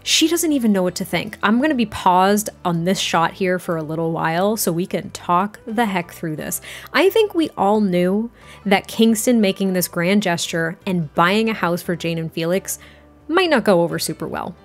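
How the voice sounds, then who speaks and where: A woman's voice: lowish voice, animated, moderate pace, soft background music. A woman narrating a life-sim game story in a chatty way, with many fillers and restarts.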